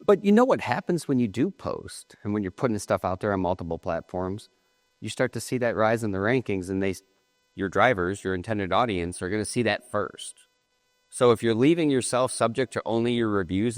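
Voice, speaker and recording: A man with a very deep voice makes his points bluntly and with emphasis on a live panel. His voice is close and dry, with a long hall reverb behind it. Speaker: podcast co-host. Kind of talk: casual panel talk. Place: hall at a trade show.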